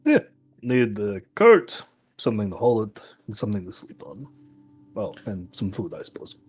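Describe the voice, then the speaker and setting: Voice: mid-range voice, sing-song, moderate pace, darkish tone, slightly rough. A player in a tabletop game who makes dry jokes in a casual way. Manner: dry, joking.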